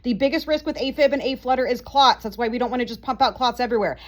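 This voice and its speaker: Fast-talking playful woman tutor. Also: on the high side. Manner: fast, chatty, playful, keeps checking with "okay?". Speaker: nursing tutor. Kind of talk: animated teaching with storytelling.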